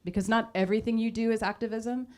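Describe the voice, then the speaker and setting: A woman hosting a live stage interview, asking measured, prepared questions. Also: on the high side, fairly even intonation. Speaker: host.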